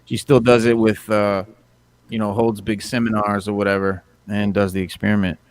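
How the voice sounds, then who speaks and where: A man's voice: on the low side, little pitch movement, normal speed. A man hosting a podcast in casual chat, rambling along with lots of "like" and "you know.". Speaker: podcast host.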